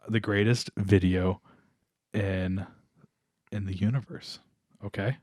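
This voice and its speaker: A man's voice: fairly low pitch, steady tone, slow, a little mellow, no echo, clean studio sound. A man co-hosting a podcast in casual chat, joking, laughing often and rambling with fillers. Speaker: podcast co-host.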